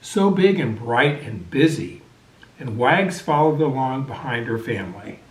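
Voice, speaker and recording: A man reading a picture book aloud to children with expressive, animated storytelling, over a video call. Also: medium pitch, a little slow, a little hiss or hum. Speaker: storybook reader. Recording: echoey room.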